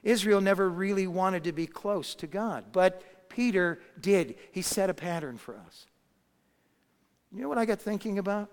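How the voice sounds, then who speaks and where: Preaching in a space with long hall reverb, a pastor narrates a story and builds to emphatic peaks. His voice sits high, smooth and expressive, at a moderate pace.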